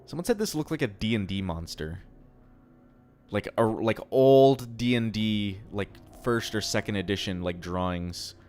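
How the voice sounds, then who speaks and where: A man's voice: fairly low pitch, lively intonation, unhurried, a little mellow, soft background music. A man streaming live, chatting casually and answering chat, rambling and swearing freely.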